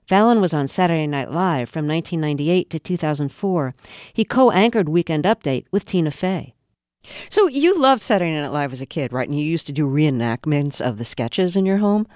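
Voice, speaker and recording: A woman hosting a radio interview, giving measured, clear introductions and questions. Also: sits low, darkish tone, no echo, studio quality.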